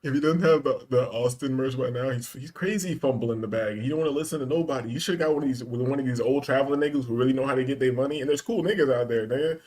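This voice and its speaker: A man's voice: mid-range voice, fast talker, hardly any pauses, a little mellow. Man, casual reaction chat, loose slang-heavy delivery, easygoing riffing. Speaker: podcast host reading chat.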